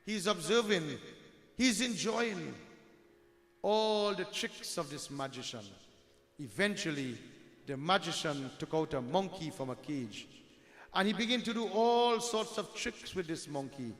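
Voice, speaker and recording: High-voiced man telling a devotional story. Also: animated, measured pace, a bit bright. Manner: addresses listeners as dear friends, mixes in Hindi devotional words. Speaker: religious storyteller. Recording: echoey hall with long reverb.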